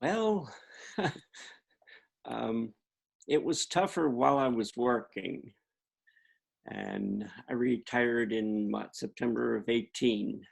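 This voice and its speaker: A man's voice: mid-range voice, slow, creaky, pauses often, low-quality recording. A laid-back, plain-spoken man chatting on a video call about caring for his wife. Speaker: care partner. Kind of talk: casual chat on a video call.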